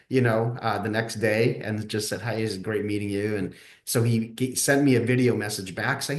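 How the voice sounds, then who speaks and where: A man, a coach and guest on a podcast, talking casually and telling stories with lively acted-out dialogue. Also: fairly low pitch, moderate pace, few pauses, roomy sound. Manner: animated storyteller who acts out quoted dialogue. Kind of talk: casual podcast interview storytelling.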